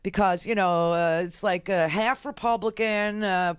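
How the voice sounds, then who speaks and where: Brief: woman talk radio host, emphatic and exasperated, smooth clear voice, dry close studio sound. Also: mid-range voice, measured pace, dry recording. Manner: exasperated, emphatic, repeats phrases for effect. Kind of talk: political commentary rant.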